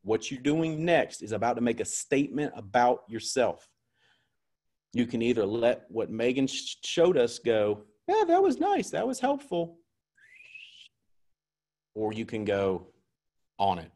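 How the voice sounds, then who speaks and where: Guy pumping up his sales team, middle pitch, punchy and repeats himself a lot. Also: unhurried. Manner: energetic, emphatic, repeats key phrases. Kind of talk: motivational team talk.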